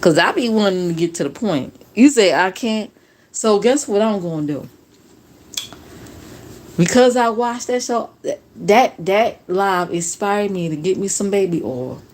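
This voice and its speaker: A woman's voice: medium pitch, expressive, measured pace, a little mellow, a little hiss or hum. A woman from New Jersey hosting a casual reaction livestream, talking to viewers in a sarcastic, profane way.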